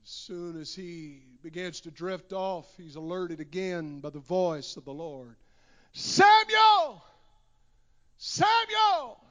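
A man's voice: fairly high pitch, fairly even intonation, unhurried, hardly any pauses, darkish tone. A man preaching a Pentecostal sermon in a church, impassioned and driving his points home with repeated refrains. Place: church sanctuary.

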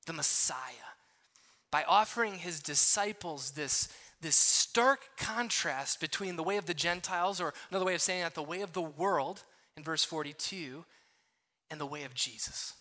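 A man's voice: fairly high pitch, normal speed, pushed and bright. A man preaching a sermon, explaining a passage word by word with frequent restarts and asides. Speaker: pastor.

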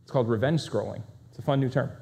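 A man giving a talk to a live audience, energetic and fast-talking, with self-deprecating humor. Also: medium pitch, gravelly. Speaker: speaker.

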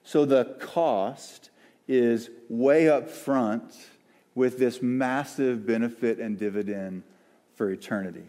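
A man preaching a sermon as the church's pastor, earnest and searching, with pauses and restarts. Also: mid-range voice, warm tone. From American South. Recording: long hall reverb.

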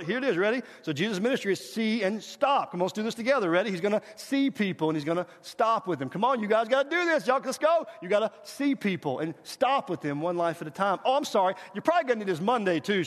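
A middle-aged man preaching a guest sermon, animated and urging the congregation to repeat after him, at times dropping to a quiet hush. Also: sits high. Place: church sanctuary. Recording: reverberant church hall.

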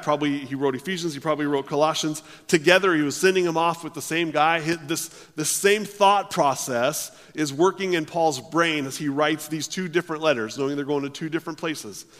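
A male pastor preaching a sermon, often restarting his words, his voice swelling loud and then dropping low. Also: in a large hall. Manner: stammering restarts, swells and drops in volume.

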